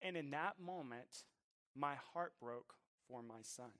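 A middle-aged man preaching a sermon, moving between a hushed storytelling voice and loud, drawn-out emphatic preaching. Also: mid-range voice. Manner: drawn-out emphatic phrasing at peaks. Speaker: pastor.

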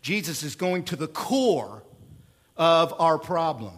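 High-voiced man preaching emphatically. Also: very animated, takes it slowly. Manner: emphatic, conversational preaching with rhetorical questions; swings between loud bursts and quiet asides. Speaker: pastor. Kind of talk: sermon.

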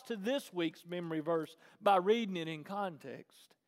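Male preacher, high tenor, folksy and emphatic, hall reverb. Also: a little slow, hardly any pauses. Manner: conversational preaching, swelling to emphatic shouts. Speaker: pastor. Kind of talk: sermon. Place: large church hall.

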